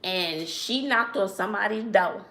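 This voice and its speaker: A woman from Brooklyn, hosting a casual livestream chat and telling lively stories with frequent laughs. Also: medium pitch, a little slow, echoey room. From Brooklyn, New York. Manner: animated storyteller, laughs often, says "child". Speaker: channel host.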